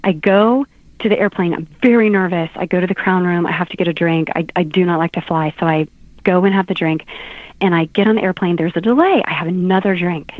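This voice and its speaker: A woman's voice: on the low side, fairly quick, no echo. A middle-aged woman, a guest author, telling funny stories in casual talk-show chat. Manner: animated storyteller, laughs often. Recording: tinny phone-like line.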